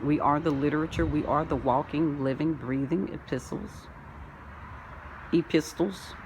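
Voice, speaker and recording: A woman with a lowish voice talks slowly through a free-flowing spiritual monologue. She plays with words and rhymes, swinging between loud proclamations and murmured asides. Faint crickets and insects chirp behind her outdoors. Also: noisy background. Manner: wordplay, sing-song, drifts between loud declarations and soft asides. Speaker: spiritual self-help vlogger. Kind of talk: rambling spoken-word monologue.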